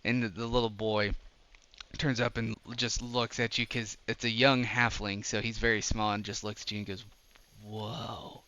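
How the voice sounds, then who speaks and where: A man narrating a tabletop game as its game master. His voice is bright and forward, and he keeps the tone casual. He laughs often between his descriptions. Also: lowish voice, little pitch movement, normal speed, clean tone.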